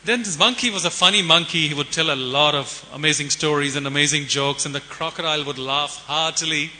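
A man's voice: fairly high pitch, brisk, sharp tone. A man giving a sermon, telling animal stories in a conversational way and asking the audience rhetorical questions. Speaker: preacher. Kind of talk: sermon with storytelling. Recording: hiss and long hall reverb.

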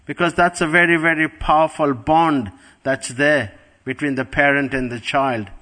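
A middle-aged man gives a devotional class in a fairly high, forceful voice. He tells a story earnestly and doubles words for emphasis. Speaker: spiritual teacher.

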